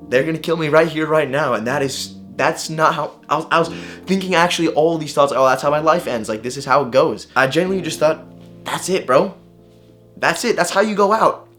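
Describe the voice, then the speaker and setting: A young man vlogger telling a personal story to camera in a casual, animated way, swearing and using slang. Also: medium pitch.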